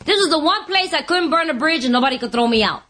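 A woman's voice: high voice, fast. A woman speaking at a recovery meeting, giving a humorous testimony and acting out the voices of people she quotes. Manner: lively, animated, acts out voices and laughs often.

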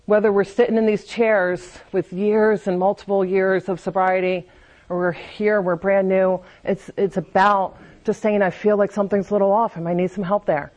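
Woman, candid confessional testimony, recovery meeting speaker, frequent restarts, mid pitch. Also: flat delivery, normal speed, darkish tone. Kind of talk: personal testimony talk.

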